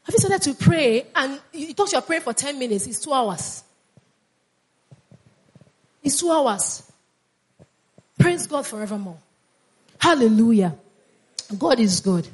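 A woman's voice: sits high, animated, a little slow, pauses often, breathy edge. A woman preaching a sermon with fervor, repeating phrases and calling on the congregation to answer back. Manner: fervent, repeats phrases, calls on congregation to respond.

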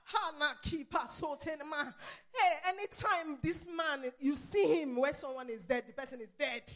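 A woman preaches in a very high, piercing voice. She moves from quiet, intimate passages to fervent shouts. Between phrases she breaks into tongues. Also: moderate pace. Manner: impassioned, swings from hushed to shouting. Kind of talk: sermon.

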